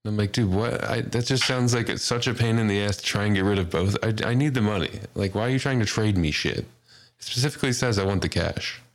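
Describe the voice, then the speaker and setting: A man's voice: lowish voice, fast talker. A man co-hosting a casual podcast, laid-back, laughing along with short replies. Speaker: podcast co-host. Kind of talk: casual chat.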